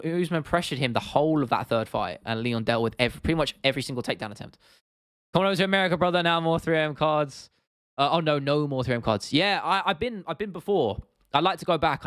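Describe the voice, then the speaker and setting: Laid-back young British man, smooth voice. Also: medium pitch, no echo, studio quality. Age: 20s. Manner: laid-back, chatty, swears casually, says "bro". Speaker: livestream host. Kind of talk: casual livestream chat reading viewer comments.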